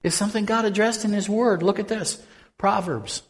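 A man preaching a conversational sermon as pastor, swinging from loud bursts to hushed tones. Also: high voice, moderate pace, in a large hall.

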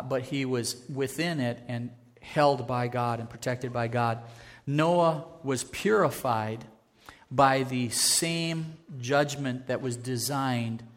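A man preaching a sermon as pastor, earnest and conversational, building to fervor. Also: medium pitch. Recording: reverberant church hall.

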